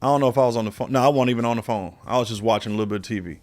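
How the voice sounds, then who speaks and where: Animated man telling a comic story. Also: very fast, soft background music. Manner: animated, profane, jumps to high pitch when quoting himself. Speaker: podcast co-host. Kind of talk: casual chat, comic storytelling.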